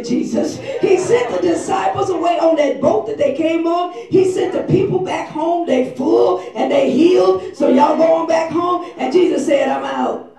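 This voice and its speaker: High-pitched woman pastor preaching in an echoey hall. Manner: lively storytelling, acts out quotes in slangy voices; preaching, often shouting. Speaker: senior pastor. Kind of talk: sermon. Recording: echoey church hall from far off.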